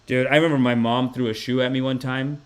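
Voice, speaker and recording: A man's voice: medium pitch, fast talker, smooth. A man hosting a live podcast, chatting casually with lots of swearing and tangents. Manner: profane, rambling, animated. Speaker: podcast host. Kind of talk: casual livestream chat.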